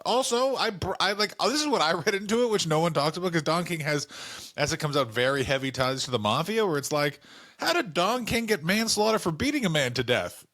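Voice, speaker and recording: A man's voice: fairly high pitch, expressive, fairly quick, a bit bright. A male comedian co-hosting a podcast, telling stories animatedly with swearing and mock voices. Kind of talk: casual comedic chat.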